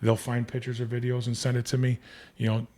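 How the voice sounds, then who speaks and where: A man's voice: mid-range voice, monotone, fairly quick, warm tone. A man in his fifties, a podcast guest, telling long casual stories with many restarts and fillers. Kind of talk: casual storytelling.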